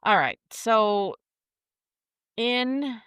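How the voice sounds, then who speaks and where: A woman's voice: fairly high pitch, very slow, smooth, no echo, clean studio sound. Blunt, swearing true-crime podcast woman. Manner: blunt, swears freely, animated storytelling. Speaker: podcast co-host. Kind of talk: casual true-crime chat.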